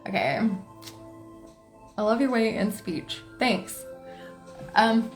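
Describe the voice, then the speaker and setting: Forceful, excitable woman reading tarot cards. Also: on the high side, slow pace. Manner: forceful and excitable, laughs often. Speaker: tarot card reader. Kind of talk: casual tarot reading to camera. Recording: roomy echo, faint music behind.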